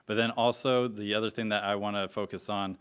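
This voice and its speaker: A man running for school board, answering a forum question in an earnest, measured way with filler pauses, in council chambers. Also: fairly low pitch, steady tone, fairly bright tone, smooth.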